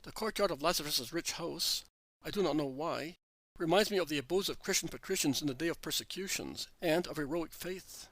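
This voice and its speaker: A man reading religious narration in an even, measured way. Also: on the high side, no room sound, poor audio. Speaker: reader.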